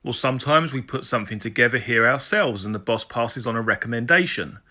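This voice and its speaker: A man's voice: mid-range voice, lively intonation, a little fast, pushed and bright. A man voicing a Welsh police sergeant who talks in a blunt, teasing way, with a Welsh accent. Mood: joking. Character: Welsh male police sergeant, jokey and crude.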